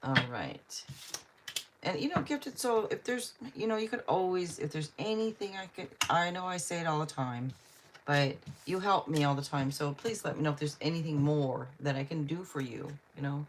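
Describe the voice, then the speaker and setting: A chatty woman with a low voice gives a live tarot reading, talking to viewers by name and laughing often. A faint hum of noise sits behind her. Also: normal speed. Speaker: tarot reader.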